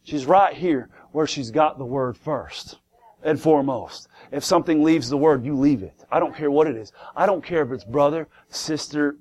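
A man's voice: fairly high pitch, moderate pace, darkish tone. A man preaching a sermon to a congregation in church, emphatic, asking rhetorical questions and repeating key words.

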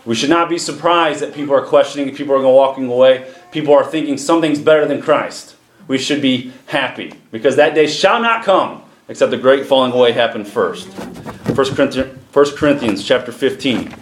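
A man preaching a sermon to a congregation, reading scripture slowly and leading prayer, with pauses for emphasis. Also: medium pitch. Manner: slows and lifts his voice for emphasis, responsive to the congregation. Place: church sanctuary with congregation. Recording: echoey church room, faint noise.

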